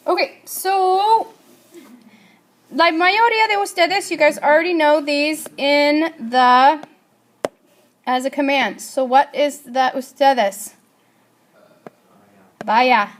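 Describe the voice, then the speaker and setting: A woman's voice: high voice, slow pace, pauses often, a little hiss or hum. A woman teaching a Spanish grammar lesson, asking her class questions and answering them herself.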